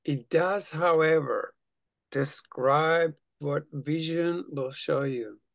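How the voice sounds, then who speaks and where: Man, group leader on a video call, unhurried, gravelly, coaxing and playful. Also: a little high, no room sound. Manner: playful, coaxing, then hushed and slow when leading the meditation. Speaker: spiritual study group leader. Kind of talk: guiding a group affirmation lesson.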